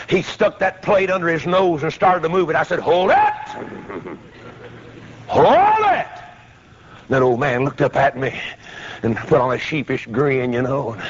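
A man, preaching a folksy storytelling sermon that breaks into shouts. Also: on the high side. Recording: dull lo-fi old recording.

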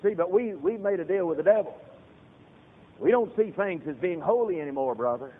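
A man preaching a sermon as a pastor, swinging from hushed talk to loud shouted peaks. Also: high voice, animated, fairly quick. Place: church sanctuary. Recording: tinny lo-fi sermon recording in reverberant hall.

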